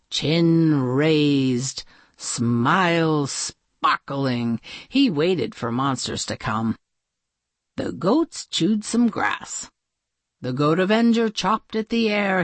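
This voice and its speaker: A woman reading a children's storybook aloud with playful, expressive narration. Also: deep voice, no echo. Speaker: audiobook reader.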